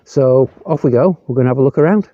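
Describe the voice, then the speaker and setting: Relaxed man asking viewers to subscribe. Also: mid-range voice, quick pace, no room sound, narrow, tinny audio. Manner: relaxed, hesitant with fillers. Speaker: vlogger. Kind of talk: casual chat. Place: outdoors in a forest.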